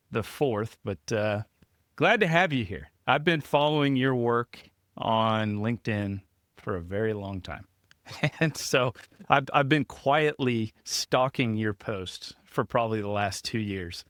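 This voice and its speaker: A man's voice: mid-range voice, fairly bright tone, clean tone, dry recording, studio quality. A man hosting a podcast in a chatty, self-deprecating way, often laughing as he talks. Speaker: podcast host. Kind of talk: casual podcast chat.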